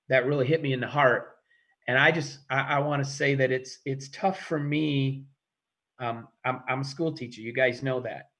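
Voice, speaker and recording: A man, a school teacher, giving halting, heartfelt remarks at a township meeting, often restarting and searching for words. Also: mid-range voice, a bit bright. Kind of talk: emotional public remarks at a meeting. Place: meeting room.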